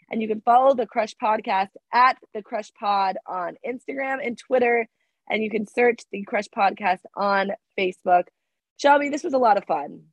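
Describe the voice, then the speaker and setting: A woman's voice: on the high side, no room sound. Sick-voiced woman podcast co-host, emphatic. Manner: emphatic, repeats herself for emphasis. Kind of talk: casual chat. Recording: dry, dull lo-fi sound.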